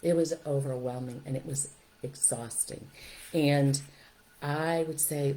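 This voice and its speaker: A middle-aged woman hosts a parenting podcast and talks listeners through their guilt. Her voice sits low and mellow, and her manner is upbeat and coaching. She keeps checking in with "right?" and "okay?". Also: steady tone, normal speed, slight background noise, poor audio. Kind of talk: encouraging advice talk.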